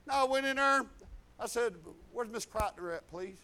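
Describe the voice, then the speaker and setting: A man, a pastor telling a testimony in a conversation, folksy and animated, chuckling as he goes. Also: extremely high pitch, normal speed, clear, resonant tone.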